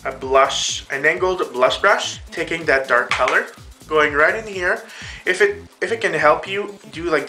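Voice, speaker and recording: A man with a bright, forceful voice on the high side hosts a casual makeup tutorial, chatting viewers through each step as he does his own makeup. He's out of breath and calls his audience girls and boys.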